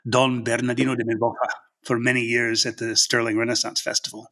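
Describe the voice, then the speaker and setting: A man's voice: medium pitch, level tone, a little fast, fairly bright tone. A man, a novelist, talking earnestly and passionately in a casual interview, thinking aloud as he goes. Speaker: novelist guest.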